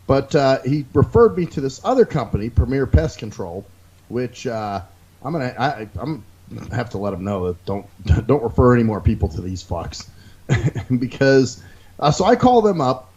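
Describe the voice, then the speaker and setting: A man's voice: medium pitch, moderate pace, highs cut off. A man hosting a podcast, telling a long profane rant in casual chat and acting out the people he quotes. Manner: animated storytelling, mimics people he quotes. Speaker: podcast host.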